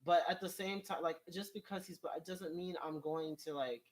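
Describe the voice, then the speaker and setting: A man with a somewhat high voice vlogs at a moderate pace, reading out viewer comments and rambling in exasperated, casual commentary. He laughs a lot, and his voice climbs whenever he gets worked up.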